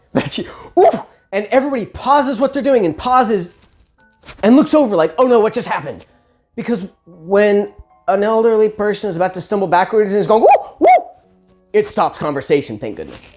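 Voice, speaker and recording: A woman casually telling a personal holiday story with chatty asides and quick self-corrections. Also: mid-range voice, lively intonation, darkish tone, faint music behind.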